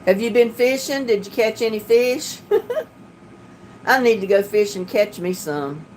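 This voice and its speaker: An older woman hosts a casual livestream from home, reading viewer comments and chatting in a homey, easygoing way, including talk about fixing things herself. Her voice is a little high and a little mellow, very animated yet slow. Slight background noise is present.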